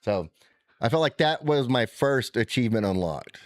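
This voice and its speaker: A man telling a rambling, animated, profane trip story in casual chat. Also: mid-range voice, normal speed, no echo.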